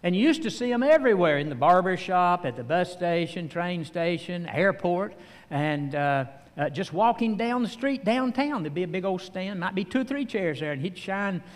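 Older male preacher, folksy sermon storytelling, slightly high voice, long hall reverb. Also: lively intonation. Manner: folksy storytelling with fillers and pauses.

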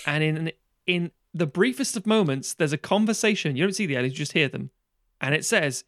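A man with a slightly raised pitch talks through a film plot in a casual podcast chat. He swears freely and keeps jumping into the characters' voices as he retells it. The sound is close and dry, with no room around it. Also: brisk, no room sound. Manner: animated, sweary, acts out characters' lines.

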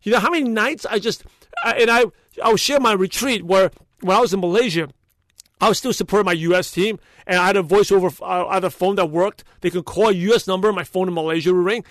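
A man hosting a solo podcast, talking in an energetic, emphatic, motivational way that rambles and often restarts sentences. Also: sits high, fast talker, no room sound, studio quality. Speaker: podcast host.

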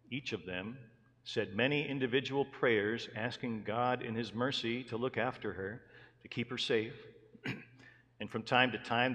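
A male pastor with a low voice preaches in an earnest, steady way, reading scripture and telling illustrative stories. His voice rings through a large church with a long trailing reverb. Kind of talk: sermon. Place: church sanctuary.

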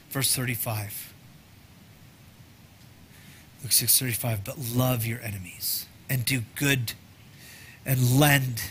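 A man preaching a sermon in a conversational style, with joking asides to the congregation and swings from loud emphasis to soft near-whispers. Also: mid-range voice, slight background noise. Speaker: pastor.

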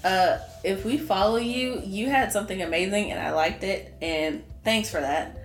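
A woman co-hosts a casual podcast and tells stories in a lively, chatty way. Her voice has a middling pitch and carries a roomy echo. Faint music plays behind her. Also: normal speed. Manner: animated, chatty storyteller. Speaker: podcast co-host. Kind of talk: casual chat.

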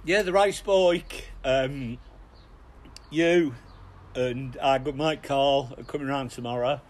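A middle-aged man, co-hosting a podcast and telling lively, chuckling anecdotes with plenty of restarts. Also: medium pitch, takes it slowly. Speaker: podcast co-host. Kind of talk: casual storytelling.

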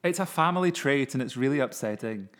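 A man's voice: medium pitch, animated, quick pace, a bit bright. A man in his twenties co-hosting a podcast, chatting casually with a wry, self-mocking manner. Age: 20s. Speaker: podcast co-host. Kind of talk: casual chat.

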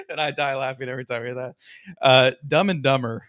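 A man's voice: mid-range voice, little pitch movement, fast talker, fairly bright tone, clear, resonant tone, no echo, studio quality. A man co-hosting a sports podcast in casual chat, retelling funny movie scenes and laughing as he goes. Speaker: podcast co-host.

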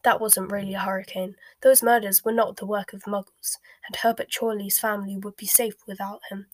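A woman reading a storybook aloud and voicing a flustered, pompous male wizard minister in a louder, brisk voice. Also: medium pitch, flat delivery, no echo, natural voice. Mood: grave. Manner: blustering and brisk, louder than the narration.

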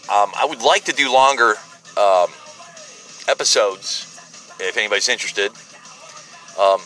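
A man's voice: lowish voice, unhurried, pauses often, bright, forceful tone, soft background music. A middle-aged American man hosting his own podcast, talking bluntly and self-deprecatingly with many fillers and restarts, recorded on a phone in a parked car. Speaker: podcast host. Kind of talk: casual rambling monologue.

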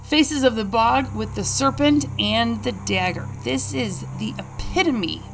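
Gravelly-voiced woman hosting a podcast. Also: fairly high pitch, background noise. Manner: chatty and gushing, with quick asides. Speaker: podcast host. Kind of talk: casual podcast chat introducing music.

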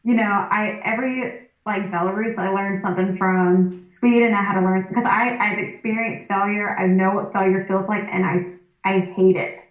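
A woman's voice: medium pitch, fairly even intonation, normal speed, distant mic. A woman powerlifter and schoolteacher talking bluntly in a casual interview, with lots of "like" and easy laughter. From United States. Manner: candid, blunt, laughs easily, filler "like". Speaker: guest, competitive powerlifter; first grade teacher. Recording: echoey room, off-mic, dull sound.

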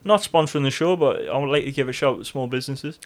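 A man co-hosts a podcast, trading rambling, sweary banter in casual chat and laughing often. He has a mid-range voice and talks fast.

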